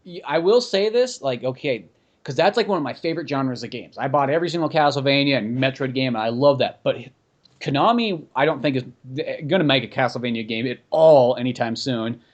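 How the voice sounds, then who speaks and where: Fast-talking man in casual podcast chat. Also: medium pitch. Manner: rambling, animated, heavy use of "like". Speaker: podcast host.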